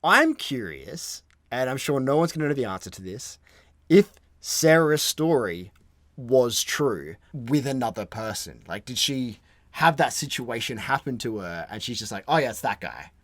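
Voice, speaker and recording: A man co-hosts a reaction video in a casual, playful chat. He turns often to the viewers at home, and his pitch swings up and down freely. The sound is close and dry, with almost no room behind it. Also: sing-song, measured pace, fairly bright tone, no room sound. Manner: playful, chatty, addresses viewers directly.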